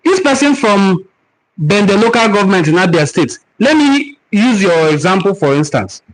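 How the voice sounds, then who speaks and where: On a live stream, a Nigerian-accented man hosting a cultural forum teaches and responds to viewer comments, preaching earnestly and repeating words to stress his points. His voice sits high with big swings in pitch, his pace is moderate, and the audio is poor.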